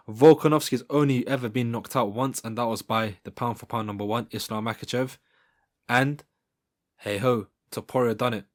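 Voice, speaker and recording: A man hosting his own fight-sports video, giving casual fan commentary in an excitable, rambling way full of restarts. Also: mid-range voice. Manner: excitable and rambling, with many restarts and repeated "guys". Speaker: MMA video host.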